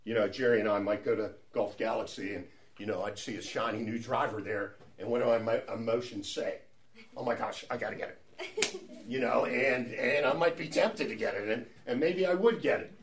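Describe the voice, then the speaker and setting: Speaking a little fast at medium pitch, a middle-aged man runs a church Bible study. His teaching is chatty and conversational, full of restarts and side remarks.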